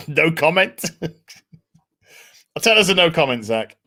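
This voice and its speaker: A man's voice: a little high, animated, slow, pushed and bright. A man hosting a casual podcast, swearing freely and reading out viewer messages. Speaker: podcast host.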